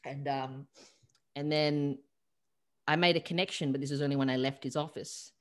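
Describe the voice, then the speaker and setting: Low-voiced Australian woman telling a story. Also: normal speed. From South Australia. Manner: animated retelling with acted-out quotes and many fillers. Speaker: guest holistic coach. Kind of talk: storytelling in an interview. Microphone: video call.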